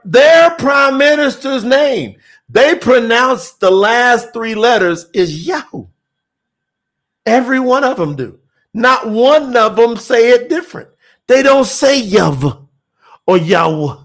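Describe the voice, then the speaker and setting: A man's voice: high voice, a bit bright. A man hosting a livestream, teaching on scripture and reading out viewer comments in an emphatic, insistent way. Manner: emphatic, insistent, laughs often.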